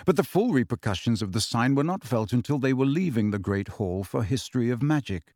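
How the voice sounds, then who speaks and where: A man narrating an audiobook in an expressive storytelling manner. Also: mid-range voice, brisk, no echo, studio quality.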